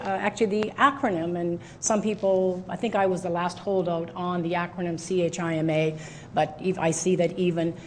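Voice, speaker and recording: A middle-aged woman speaks to a live audience in a presentation room, her voice sitting a bit low. She keeps starting over and filling gaps with um's and uh's. A faint hum of room noise runs underneath. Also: a little mellow. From Canada. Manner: hesitant, many fillers and restarts. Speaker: conference speaker. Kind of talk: presentation talk.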